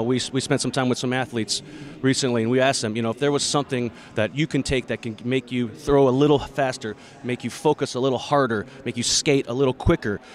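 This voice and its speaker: Male founder, mid-pitched, earnest and halting, pitching a product. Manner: earnest, halting, with many restarts. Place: busy expo floor.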